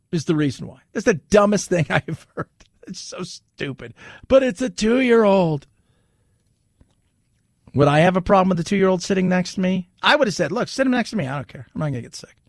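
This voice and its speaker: A man's voice: high-pitched, animated, a little fast, gravelly, pauses often, no echo. A male talk radio host in his forties giving an indignant, sarcastic rant into a studio microphone. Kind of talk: opinionated talk radio monologue.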